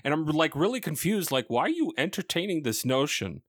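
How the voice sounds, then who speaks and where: A man co-hosting a podcast who talks in an animated, casual way and swears freely. His voice sits slightly high, and the recording is dry and close. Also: a little fast, no room sound. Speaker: podcast co-host. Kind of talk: casual chat.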